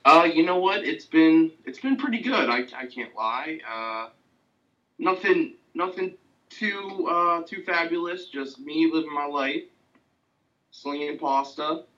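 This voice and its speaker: A man's voice: a little high, lively intonation, unhurried, bright, forceful tone. A man co-hosting a podcast in casual, easygoing chat. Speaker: podcast co-host. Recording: dull, distant mic sound.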